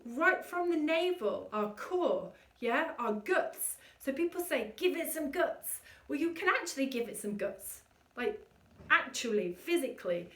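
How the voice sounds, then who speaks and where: Energetic woman doing vocal warmups, swoopy lively voice, mic kinda far off. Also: sits high, normal speed, roomy sound. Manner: energetic, demonstrates exercises with vocal sounds. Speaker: voice coach. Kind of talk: vocal warm-up lesson.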